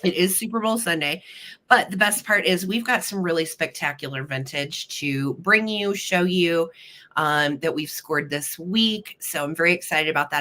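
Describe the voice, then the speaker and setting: A woman's voice: deep voice, sharp tone. A woman from Missouri hosting a live vintage sale stream, chatting and greeting viewers by name, her voice a little choked up with a slight cough. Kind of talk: casual live-stream chat.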